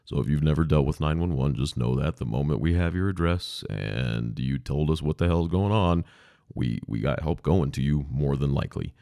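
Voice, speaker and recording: A man's voice: very deep voice, lively intonation, moderate pace, vocal fry, warm tone, no room sound, studio quality. A man, a podcast host, telling a story about his old job in a candid, casual way with frank swearing. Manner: candid, profane, conversational. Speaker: podcast host, former 911 dispatcher.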